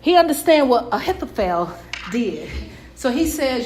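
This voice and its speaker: A woman preacher delivering a sermon with call-and-response, moving between quiet talk and shouting. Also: sits high, big pitch swings, measured pace, a little hiss or hum. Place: church hall. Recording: echoey hall, distant mic, crowd responding.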